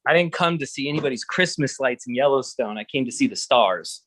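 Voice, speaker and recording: A man hosting a relaxed chat, telling stories in an animated, rambling way and swearing casually. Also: mid-range voice, fairly quick, no room sound, rough recording. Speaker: host.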